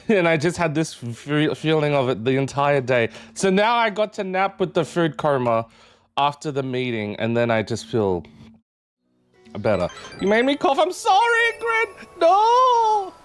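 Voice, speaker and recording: A man's voice: a little high, normal speed, faint music behind. A man streaming live, chatting casually with his viewers and greeting chat members one by one. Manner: animated, jumps up into excited yelps.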